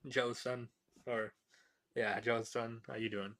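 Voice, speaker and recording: A man's voice: medium pitch, takes it slowly, a bit bright. A man hosting a casual sports podcast, talking loosely with lots of fillers and restarts as he reads chat. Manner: rambling, many fillers and restarts. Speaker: podcast host.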